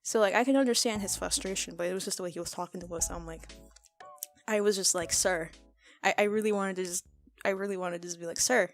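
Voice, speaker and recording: A teenage girl telling rambling high school stories in a casual storytime, often laughing and restarting her sentences. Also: steady tone, fast, soft background music. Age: teens. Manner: rambling, laughing, self-correcting. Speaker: art vlogger. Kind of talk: casual storytime over a speedpaint.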